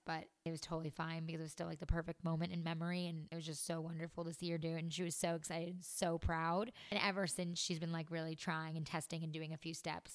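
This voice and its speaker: A woman in her thirties from New York state, hosting a podcast and telling a personal story in a chatty way, full of fillers. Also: lowish voice. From New York state, USA. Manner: chatty, many fillers like "like" and "oh my God". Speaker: podcast host.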